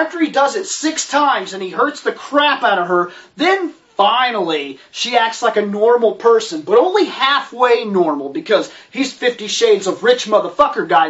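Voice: mid-range voice, a bit bright. A reviewer ranting about a film and book in an exasperated, sarcastic way, swearing heavily. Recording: distant, dull lo-fi recording.

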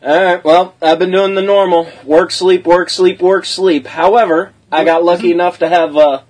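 A man with a fairly high voice talks with friends. He is laid-back and swears often. He tells gaming anecdotes in an easy, offhand way. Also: fairly even intonation, normal speed, darkish tone. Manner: laid-back, swears freely, recounts game stories. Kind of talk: casual chat among friends.

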